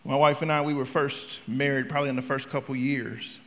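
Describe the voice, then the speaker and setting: A man preaching a sermon in a conversational, humorous way, telling stories and swinging between quiet talk and loud outbursts. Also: mid-range voice, little pitch movement, a little fast, long reverb tail.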